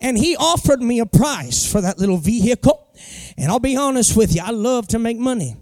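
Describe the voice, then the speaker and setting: A man's voice: extremely high pitch, animated, fairly quick, darkish tone, dry recording, studio quality. A middle-aged man, a pastor telling a folksy story as a sermon testimony. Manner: folksy storytelling with homespun sayings.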